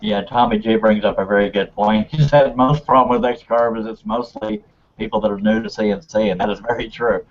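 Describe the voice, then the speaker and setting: A man's voice: on the low side, big pitch swings, a little fast, creaky, lo-fi sound. A man hosting a live online hangout, chatty and rambling, laughing often. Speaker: host.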